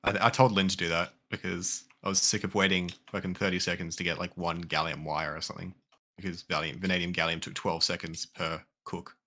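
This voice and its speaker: A man with a very low voice but a bright, forceful edge to it, chatting in a gaming voice call. He thinks out loud, rambles a little and swears casually. The talk is relaxed and conversational. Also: brisk. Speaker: game player. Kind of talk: casual voice chat while gaming.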